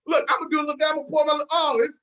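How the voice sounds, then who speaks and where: Hosting a team video call, a woman gives an energized pep talk, repeating points and naming listeners directly. Her voice sits high and a bit bright, flat in delivery and racing, captured on a low-quality recording.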